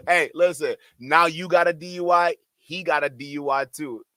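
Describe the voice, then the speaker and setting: A man reacting to clips on a stream, excitable and mocking, often repeating himself and swearing. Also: on the high side, moderate pace, few pauses, no room sound. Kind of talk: casual reaction commentary.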